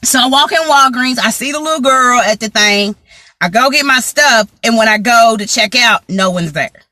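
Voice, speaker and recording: A woman with a bright, fairly high voice, telling a story to her viewers in an animated, slangy way. She talks straight to the camera, and the sound is close and dry. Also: normal speed, no room sound. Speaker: vlogger.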